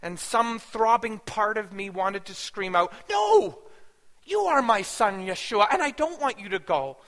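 A man's voice: sits high, fairly even intonation, a little slow, bright, forceful tone. A man preaching in the first person as a grieving, bewildered yet faithful mother, telling her story with earnest feeling and rising pleas. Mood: pleading. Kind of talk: first-person dramatic sermon monologue. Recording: long hall reverb.

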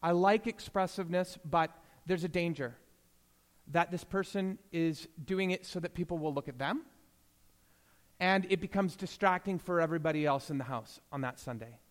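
A man preaching a sermon as a pastor, telling stories and swinging between hushed, slow passages and emphatic rises. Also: a little high, long reverb tail.

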